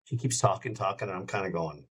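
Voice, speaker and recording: A man's voice: sits low, quick pace, fairly bright tone, slightly rough. A middle-aged man, a radio host, telling anecdotes in a casual chat and wandering from one story to the next. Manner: rambling, jumps between anecdotes. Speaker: radio show host, podcast guest.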